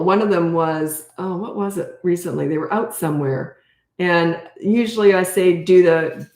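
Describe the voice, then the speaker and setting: A woman's voice: lowish voice, a little mellow, reverberant. An older woman coaching parents in a casual live Q&A, talking directly with plenty of fillers. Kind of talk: live Q&A, reading and answering comments.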